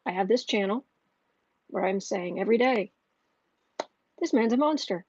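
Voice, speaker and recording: A woman hosting a casual livestream and reading viewer comments aloud, chatty and quick to laugh. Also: medium pitch, expressive, darkish tone, husky, dry recording, highs cut off. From northern United States. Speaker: tarot reader and channel host.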